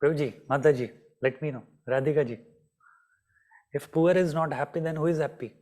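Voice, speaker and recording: A man leads an online class in a fairly high voice. He keeps questioning his students by name and repeats each question until someone answers. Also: a little fast, a little mellow. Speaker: astrology teacher.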